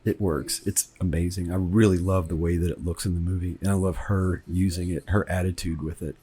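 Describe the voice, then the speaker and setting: A man from Kentucky talks through his own film as its director, in a relaxed, rambling way. He often repeats a word while he gathers his thoughts. His voice sits very low and has a slightly husky grain. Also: brisk. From Kentucky, United States. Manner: rambling, conversational, repeats words as he thinks. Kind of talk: director's commentary.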